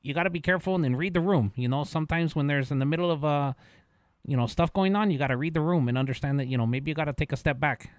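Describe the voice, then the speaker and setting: A man in casual in-character roleplay banter, animated, dropping Chicano slang. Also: fairly high pitch, fast talker, no room sound, studio quality.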